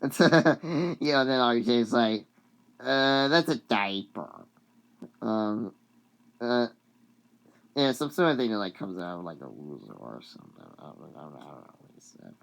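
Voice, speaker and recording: A woman's voice: extremely low pitch, very animated, moderate pace, creaky. A woman vlogger casually recapping a cartoon, rambling with many fillers and giggles.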